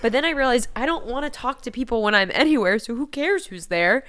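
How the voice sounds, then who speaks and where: A young woman in casual podcast chat, rambling and poking fun at herself, with "like" scattered all through her talk. Her voice sits fairly high. The sound is close and dry, with no room around it. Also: expressive, quick pace, a bit bright, no room sound. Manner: rambling and self-deprecating, heavy use of "like". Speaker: podcast co-host.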